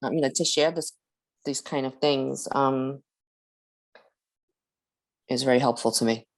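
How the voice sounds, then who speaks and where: Woman, low voice, video call, hesitant, breathless, apologetic. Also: a little slow. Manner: hesitant, apologetic, many fillers. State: short of breath. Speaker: support group member. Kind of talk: casual group video call.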